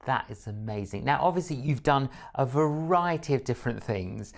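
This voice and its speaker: A woman's voice: rumbling low, expressive, normal speed, vocal fry. A woman interviewing a guest, asking questions in an encouraging, affirming way.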